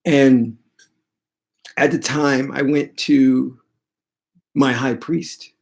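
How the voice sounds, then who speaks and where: A man who teaches spirituality, retelling a personal story in an animated, dramatic way. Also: mid-range voice, extremely slow, creaky. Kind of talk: storytelling monologue.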